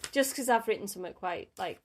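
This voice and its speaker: A woman's voice: mid-range voice, lively intonation, fast, a crowd in the background. A woman co-hosting a casual podcast, a mother who talks bluntly and mocks herself with frequent laughter. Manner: blunt, self-mocking, laughs often. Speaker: podcast co-host. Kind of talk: casual chat.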